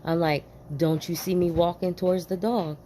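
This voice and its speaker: A woman from New Jersey, a former police officer, telling a story to camera in an animated, profane, emphatic way, with bursts of laughter. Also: fairly low pitch, moderate pace, a little hiss or hum.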